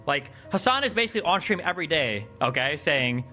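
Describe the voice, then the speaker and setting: Heated, profane male streamer with a bright tone. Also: on the high side, very animated, soft background music. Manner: heated, profane, rapid ranting with frequent fillers. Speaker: political streamer. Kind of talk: live-stream commentary and chat reading.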